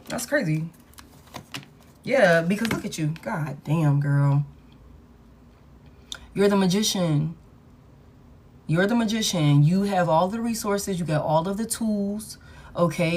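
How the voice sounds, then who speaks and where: A woman's voice: on the low side, slow pace, darkish tone, slight background noise. A woman giving a casual tarot reading, talking bluntly and with profanity, and repeating key lines for emphasis. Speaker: tarot reader.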